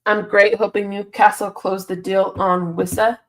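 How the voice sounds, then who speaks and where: With a flat delivery at a moderate pace, a woman of medium pitch and a somewhat bright tone reads out live chat comments on her football channel stream. It is early morning, so she yawns and sounds sleepy, yet laughs often as she answers. A little hiss or hum is audible.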